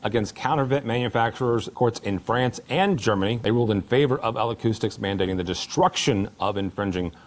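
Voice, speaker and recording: A man hosting a trade news podcast, reading the week's stories in a measured, even delivery. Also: fairly low pitch, slight background noise. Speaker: podcast host.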